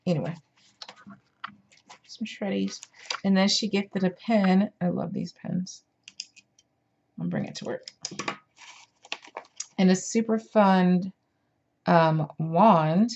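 Woman craft vlogger, tired and chatty, unhurried lower voice on a lo-fi mic. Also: fairly even intonation, noisy background. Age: adult parent. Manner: chatty, enthusiastic, many fillers. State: tired, yawning. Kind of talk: casual show-and-tell.

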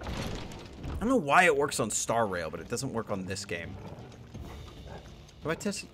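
Excitable swearing gamer commentating. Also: male voice, medium pitch, a little slow, background noise. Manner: excitable, swearing, thinks out loud. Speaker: gaming YouTuber. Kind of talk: let's play commentary.

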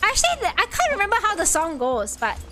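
A woman's voice: extremely high pitch, huge pitch swings, quick pace. A woman streaming a game, talking to herself in casual chat and breaking into frustrated outbursts and yelps. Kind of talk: casual gaming livestream. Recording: music clearly behind voice. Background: game music.

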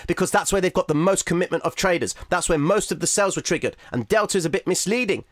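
Casting: male live-stream host, high voice, dry close sound, excitable running commentary. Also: no echo. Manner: excitable, talks fast to the audience as "ladies and gentlemen".

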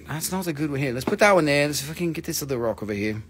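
A man's voice: a little high, big pitch swings, fast, few pauses, a bit bright, husky. Joking, foul-mouthed man hosting a crystal sale. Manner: joking, goofy, swears freely. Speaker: host selling crystals on a live stream. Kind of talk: casual live-stream sales chat.

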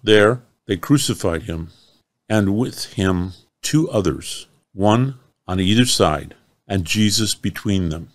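A man reading a chapter of the Bible aloud, slow, measured and solemn. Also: on the low side, animated, no echo. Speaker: scripture reader.

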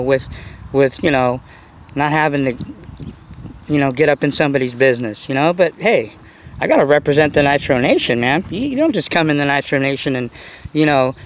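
A middle-aged man talks in a loose, rambling way as he hosts his RC car vlog outdoors, circling back and leaning on fillers. His voice sits a bit high for a man. A faint outdoor hiss runs underneath. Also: rough recording. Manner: rambling, repeats himself, fillers like you know. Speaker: RC car vlogger. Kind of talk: casual rambling vlog talk.

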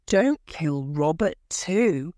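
A young woman pretends to be a vengeful ghost, dropping into a deep, terrible, accusing voice, as a woman narrating a storybook puts her on. The words come slowly and heavily, close and dry. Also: expressive, dark tone, no room sound, exaggerated voice. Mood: menacing. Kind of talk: audiobook character voice.

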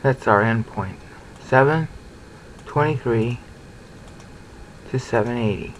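A man teaching a lecture on scripture, animated, often repeating words and checking in with rhetorical questions. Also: mid-range voice, takes it slowly, a little hiss or hum, poor audio. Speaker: Bible teacher.

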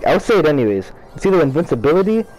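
A man's voice: on the high side, very animated, racing, darkish tone, low-quality recording. A young man chatting casually and profanely while playing a game, rambling about superpowers between frustrated outbursts. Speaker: gamer. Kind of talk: casual gameplay commentary.

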